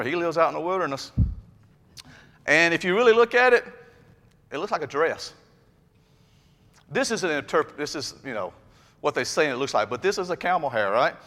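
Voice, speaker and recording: A man preaching a sermon to his congregation, chatty and folksy, building up to loud emphatic stretches. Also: on the high side. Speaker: pastor. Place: church sanctuary. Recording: long reverb of a church hall.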